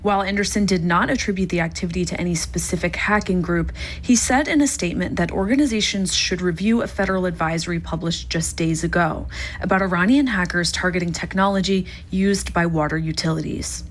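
A woman's voice: fairly low pitch, brisk, a little hiss or hum. A woman reporter filing a formal radio news story.

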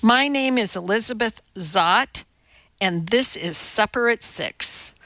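A woman's voice: a little high, expressive, takes it slowly, sharp tone, no echo, dull audio, heavily acted. A woman voicing a blunt, serious woman who hosts a cooking show, speaking sternly and directly.

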